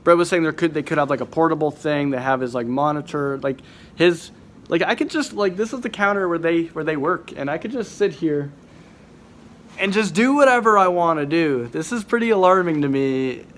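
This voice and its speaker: A young man vlogs casually to the camera from a hospital ward and a car at night, sounding sick, his voice affected by illness. His voice is a little high and fairly bright with lively intonation at a normal speed, and he rambles with many fillers and restarts over slight background noise.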